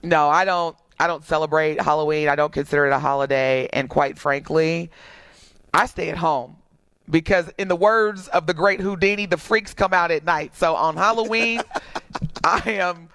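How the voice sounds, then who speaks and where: A woman co-hosting a radio show in casual, playful chat and animated storytelling. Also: sits low, normal speed, clean tone, no echo.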